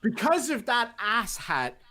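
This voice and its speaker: A man's voice: extremely high pitch, sing-song, takes it slowly, pushed and bright. Irish guy ranting casually, cussing a lot, voice bouncing all over. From Ireland. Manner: profane, ranting. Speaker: co-host. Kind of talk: casual podcast chat.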